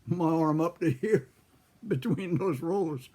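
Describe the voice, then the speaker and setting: An older man telling a folksy childhood story, husky with a frog in his throat, chuckling often. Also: a little high, slow, dark tone. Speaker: pipe-smoking storyteller. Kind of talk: casual storytelling.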